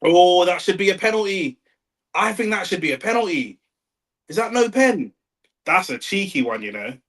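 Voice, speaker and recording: A young man with a London accent, talking slangy and excitable over a live football match and arguing with his chat. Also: high voice, moderate pace. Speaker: watch-along streamer. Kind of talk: live football watch-along commentary.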